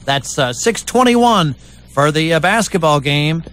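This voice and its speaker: Lively, joking radio host man. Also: a little high, measured pace. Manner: joking, animated banter. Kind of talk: morning radio sports chat.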